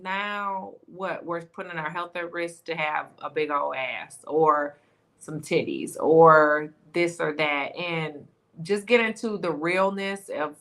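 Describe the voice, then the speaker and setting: A woman's voice: deep voice, slow pace, a bit bright. A woman guest on a podcast, talking in casual chat in an earnest, reflective way.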